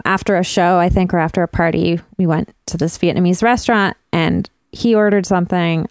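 A woman's voice: on the low side, clean tone, no room sound, clean studio sound. A woman co-hosting a podcast in casual chat, telling rambling stories and laughing often. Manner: giggly, rambling storyteller. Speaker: podcast co-host.

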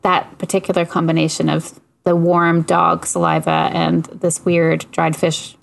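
A woman's voice: lowish voice, level tone, unhurried, gravelly. A woman in casual podcast chat, telling stories and putting on playful voices for her dog.

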